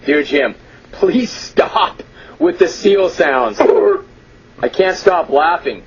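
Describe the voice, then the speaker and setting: A brash radio talk show host with a slightly high voice, amused and mock-exasperated as he reads listener emails. The sound is dull and lo-fi, like an old radio broadcast. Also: expressive, drawn-out words, slight background noise. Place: radio studio.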